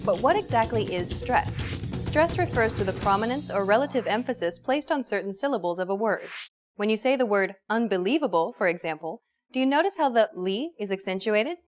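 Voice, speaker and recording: A woman hosting a language course, reading a scripted lesson in a clear, even teaching manner. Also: mid-range voice, fairly quick, faint music behind.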